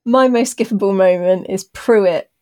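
A woman's voice: medium pitch, unhurried, a little mellow. Dry-humored woman podcast co-host. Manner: dry, self-deprecating humor; thoughtful, explains her views at length. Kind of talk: casual chat reviewing a TV episode.

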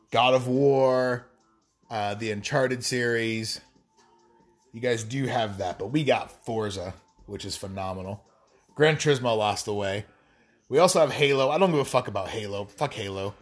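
Man, casual rambling vlog, profane, wry asides, mid-pitched voice, faint background music. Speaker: gaming vlogger.

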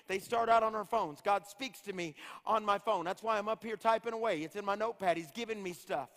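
Impassioned preacher in an echoing hall. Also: male voice, high-pitched, a bit bright. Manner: impassioned, rhythmic repetition. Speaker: evangelist. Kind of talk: revival sermon. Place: large church hall. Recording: long hall reverb.

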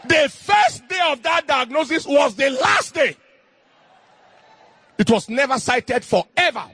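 A middle-aged man preaching a fervent sermon in King James cadence, rising into shouted bursts. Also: very high voice, animated, measured pace, no room sound, some chatter behind.

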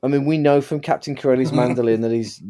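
A man's voice: medium pitch, steady tone, fast talker, mellow. A man co-hosting a film chat, hesitant and stumbling over words. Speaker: podcast co-host. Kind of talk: casual film review chat.

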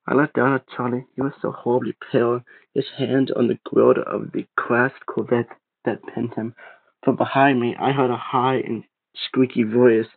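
A man reading a creepypasta aloud, steady but stumbling and restarting now and then. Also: mid-range voice, normal speed, gravelly, breathy edge. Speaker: narrator. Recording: tinny phone-like sound.

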